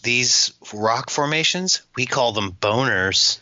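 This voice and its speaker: A man co-hosting a podcast in casual chat, jokey and quick to slip into goofy accent impressions. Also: mid-range voice, expressive, sharp tone, no echo, rough recording. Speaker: podcast co-host.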